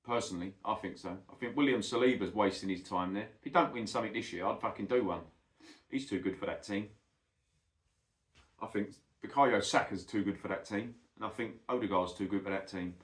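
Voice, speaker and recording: A man's voice: on the low side, brisk. A middle-aged man, ranting bluntly and swearing a lot in a casual monologue, calling the listener "mate". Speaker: football vlogger. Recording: echoey room.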